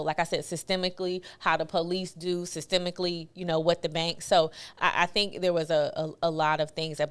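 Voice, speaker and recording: A woman hosts a casual movie review chat. Her voice is low for a woman, smooth and resonant. She thinks out loud and feels her way through each point. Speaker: podcast host.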